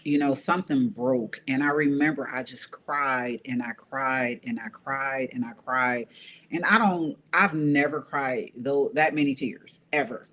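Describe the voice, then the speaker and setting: A woman's voice: very deep voice, unhurried, a bit bright, slight background noise. A woman guest telling a personal story in a casual, earnest way, often repeating phrases for emphasis. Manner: conversational, with frequent fillers.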